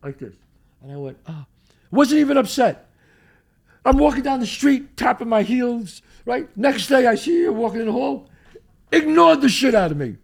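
An older man, hosting a podcast and telling a profane, animated story in which he acts out the quotes. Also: very high voice, normal speed, creaky. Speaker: host.

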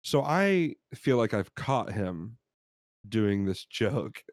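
A man with a fairly low voice tells a rambling personal story in casual podcast chat, slipping into the voices of the people he quotes. The sound is close and dry, with no room around it. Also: big pitch swings, takes it slowly, no room sound. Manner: rambling anecdotes with laughs, acts out quotes. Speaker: podcast co-host.

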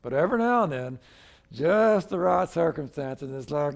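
A man's voice: a little high, normal speed, vocal fry. An older male pastor preaching a sermon in a conversational way, acting out the people in the story as he goes.

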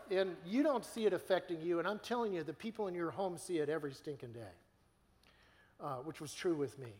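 Animated preacher with a high voice. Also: male voice, fast talker, in a large hall, a little hiss or hum. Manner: animated, earnest, conversational with many restarts. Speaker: guest preacher. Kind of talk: sermon.

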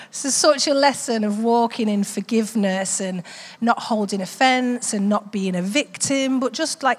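A middle-aged woman sharing a heartfelt testimony at a church service, telling stories in a chatty way with many fillers. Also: medium pitch. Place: church hall. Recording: long hall reverb from a church PA.

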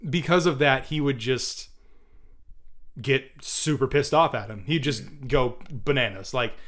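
A man's voice: mid-range voice, measured pace, fairly bright tone. A man hosting a podcast, telling a story casually and animatedly, laughing often. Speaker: podcast host.

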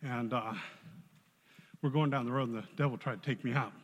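A man giving a spoken testimony to a church congregation, telling his story in a lively way and acting out the voices in it. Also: medium pitch, brisk. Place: church hall. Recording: long hall reverb.

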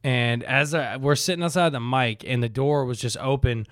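A man's voice: mid-range voice, normal speed, dry recording. Casual storytelling man, dry close mic. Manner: animated, acts out quotes, swears freely.

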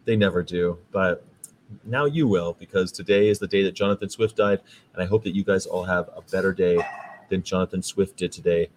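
A deep-voiced American man talks fairly quickly as he hosts his vegan podcast. The monologue is casual and rambling before turning preachy about veganism, and the rough recording has a little hiss or hum.

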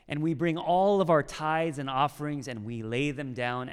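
A pastor speaks in a smooth, resonant voice that sits a little high for a man. His sermon runs conversational, checking in with "okay?" and "right?" as he goes. A long reverb trails each line, as in a large hall. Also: moderate pace, hardly any pauses.

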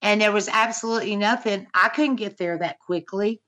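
Middle-aged mom on a podcast, bright voice, talks in halting bits full of "you know". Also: female voice, mid-range voice. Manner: halting, many "you know" fillers, earnest. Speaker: interview guest, mother. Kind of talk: personal account in podcast interview.

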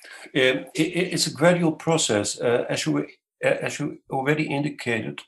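A man answering interview questions as a scholar, lecturing in a measured way with many hesitations. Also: on the high side, gravelly, low-quality recording. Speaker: scholar guest.

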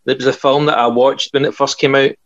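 A man's voice: mid-range voice, level tone, fast, dry recording. A man, chatting eagerly about films he loves. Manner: enthusiastic, laughs often, says aye. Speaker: podcast co-host. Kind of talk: casual chat. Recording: dull lo-fi dry sound.

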